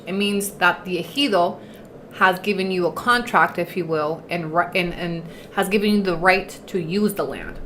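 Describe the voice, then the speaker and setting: A woman's voice: fairly low pitch, normal speed, a bit bright. Chatty woman livestreaming in an echoey room. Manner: chatty, mixes in Spanish words, eating while talking. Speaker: livestream host. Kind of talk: casual livestream commentary. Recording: echoey room, faint noise.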